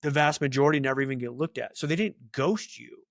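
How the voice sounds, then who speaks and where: A middle-aged man talking as a guest in a casual interview, chatty and animated, full of filler words. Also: mid-range voice, fast, creaky, dry recording, studio quality. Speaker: talent acquisition leader, guest.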